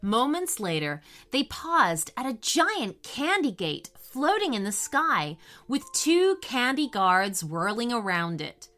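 A woman narrating a children's storybook in an expressive, unhurried way. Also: on the high side, faint music behind.

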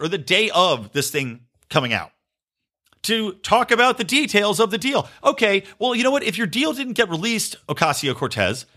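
Ranting, animated male podcast host. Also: a little high. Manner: profane, sarcastic, mocking voices of others. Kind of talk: ranting political commentary.

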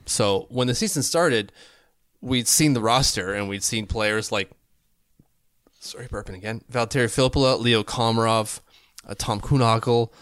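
A man from Canada in his thirties, co-hosting a casual sports podcast from his basement, chatty and analytical and quick to laugh. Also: fairly low pitch, fairly bright tone, no echo, clean studio sound. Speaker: podcast co-host. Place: home basement.

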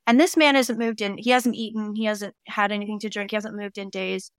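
A woman's voice: medium pitch, steady tone, fairly quick, clear, resonant tone, no echo, clean studio sound. A woman who works as a psychic medium, telling casual stories as an interview guest and acting out the voices she quotes, with casual swearing. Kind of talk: casual storytelling.

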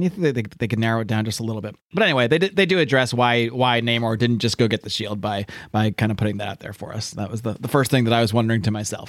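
A man's voice: medium pitch, dry recording. Chatty man recapping comics, dry sound. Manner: chatty, restarts often, acts out characters in quotes. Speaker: podcast co-host. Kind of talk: casual comic book recap chat.

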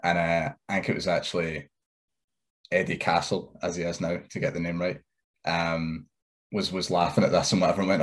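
A man's voice: low voice, level tone, brisk. A man in his thirties, a wrestler guest, easygoing and rambling. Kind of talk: casual interview chat.

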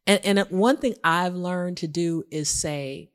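A middle-aged woman in a casual conversation, telling candid stories in an animated way and quoting her own past dialogue. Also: on the low side, unhurried, few pauses.

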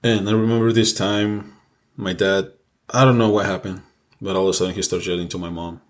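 A young man with a very deep, low voice tells a personal story on a casual podcast. He speaks candidly and with feeling, cursing freely as the memory builds. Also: flat delivery, brisk. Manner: candid, emotional personal storytelling with frequent swearing. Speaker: podcast co-host.

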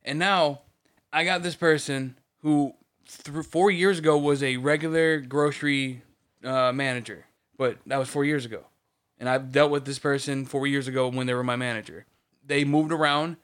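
A man's voice: mid-range voice, fairly bright tone, clean tone. A man in his thirties ranting heatedly in casual podcast chat, swearing often. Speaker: podcast co-host.

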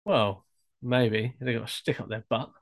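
A man's voice: medium pitch, unhurried, gravelly. Male podcast co-host, playful teasing, frequent laughs. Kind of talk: casual banter.

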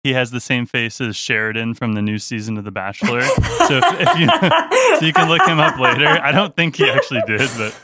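A man in a band telling a tour story in a casual, animated way, often laughing and acting out the other people's voices. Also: mid-range voice, a little fast, very noisy.

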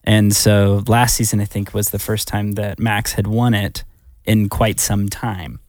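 A man's voice: fairly low pitch, flat delivery, unhurried, darkish tone, dry recording, clean studio sound. A man co-hosting a casual racing podcast chat, laughing often as he explains details. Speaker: podcast co-host.

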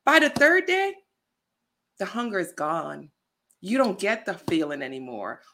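Woman, podcast guest, very lively pitch, storyteller who acts out quotes. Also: unhurried. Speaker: guest, plant-based lifestyle influencer. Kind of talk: casual podcast chat.

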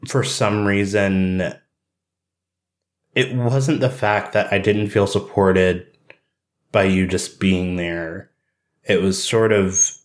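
A man playing a young adult friend who talks through hurt feelings in a hesitant, halting way, in an improvised role-play. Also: low voice.

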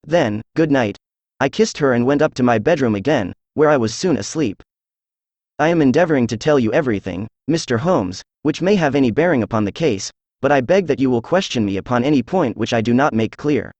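A synthesized male voice narrating a classic audiobook in a steady, measured way. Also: mid-range voice, no echo.

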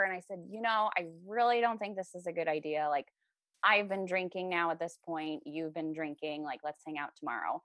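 A lively young woman chatting as a podcast guest. Her pitch leaps and dips as she acts out the people in her story, and she laughs often. The sound is dry and close, with no room around her. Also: fairly quick, no room sound. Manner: animated, laughing, acts out quoted lines. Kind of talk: casual storytelling chat.

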